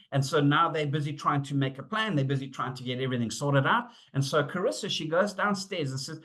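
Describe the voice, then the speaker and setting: A middle-aged man presenting a webinar on safety, telling stories in an animated way, acting out the dialogue and using frequent fillers. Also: on the high side, fast talker, few pauses. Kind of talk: storytelling talk.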